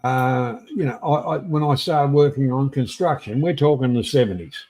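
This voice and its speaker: A man's voice: mid-range voice, moderate pace, a little mellow. A man in his sixties with an Australian accent, rambling and swearing with many restarts as he hosts a livestream chat. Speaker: host. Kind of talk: casual chat. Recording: livestream video call.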